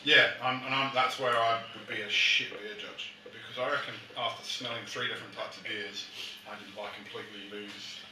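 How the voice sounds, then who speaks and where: A man's voice: mid-range voice, moderate pace. Man from England in an echoey room. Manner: relaxed, dry joking. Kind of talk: casual chat. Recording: echoey room, distant mic, clear background noise.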